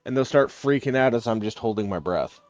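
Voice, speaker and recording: A man narrating as game master in a tabletop game, explaining things haltingly with many fillers. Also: medium pitch, animated, highs cut off, faint music behind.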